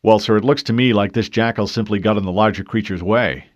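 A man's voice: fairly low pitch, brisk, no echo, natural voice. A man doing a stiff formal super-soldier. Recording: dull dry studio read.

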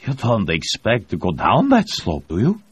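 A man's voice: low voice, animated, measured pace, darkish tone, no room sound. A man putting on a wary, ironic rover pilot. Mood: doubtful. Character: cautious male rover pilot, wry and ironic. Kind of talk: audiobook reading. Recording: dull lo-fi audio.

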